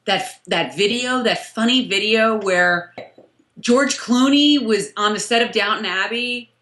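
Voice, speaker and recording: A woman co-hosting a casual chat, teasing and playful, with quick asides. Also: medium pitch, a bit bright. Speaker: podcast co-host. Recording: echoey room.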